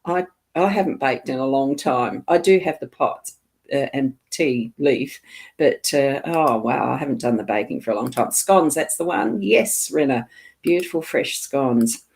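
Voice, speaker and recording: A woman's voice: extremely low pitch, expressive, a little slow, a little mellow, slightly rough. A middle-aged woman, a psychic medium, chatting through a live card reading and answering viewers, laughing often.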